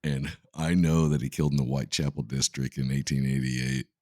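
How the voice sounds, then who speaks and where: A man's voice: rumbling low, steady tone, brisk, warm tone, no echo, clean studio sound. A man co-hosting a podcast who rambles, mocks himself and swears freely in casual chat. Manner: self-deprecating, rambling, profane. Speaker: podcast co-host.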